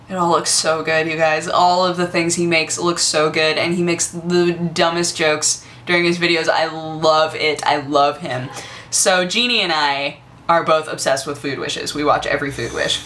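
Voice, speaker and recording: A woman's voice: deep voice, fairly bright tone, a little hiss or hum. Bubbly young woman gushing on a vlog. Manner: bubbly, gushing, lots of fillers. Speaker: vlogger. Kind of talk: casual vlog chat.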